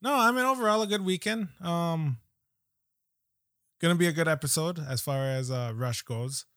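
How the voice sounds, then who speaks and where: A man co-hosting a podcast in casual, laid-back chat, filling pauses with "like" and "um". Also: a little high, fairly bright tone, dry recording, studio quality. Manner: laid-back, lots of fillers like 'like' and 'um'. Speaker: podcast co-host.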